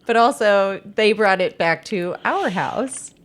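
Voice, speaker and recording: A woman's voice: mid-range voice, lively intonation, slow pace. A woman co-hosting a podcast, telling a story in casual chat and laughing often. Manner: laughs often, reacts warmly. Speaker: podcast co-host.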